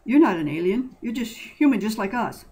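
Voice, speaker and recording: A woman voicing a shaken, hoarse woman survivor who explains things urgently in a storybook reading. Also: mid-range voice, big pitch swings, moderate pace, dark tone.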